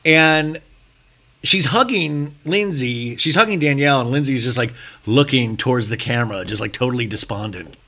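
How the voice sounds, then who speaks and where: A man hosting a solo TV recap podcast, joking and irreverent, talking fast and swearing casually. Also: mid-range voice. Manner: fast, animated, breaks into mocking impressions. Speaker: podcast host.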